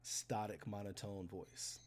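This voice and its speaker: A man's voice: fairly low pitch, flat delivery, takes it slowly. A man narrating a tabletop role-playing game as game master, describing scenes steadily.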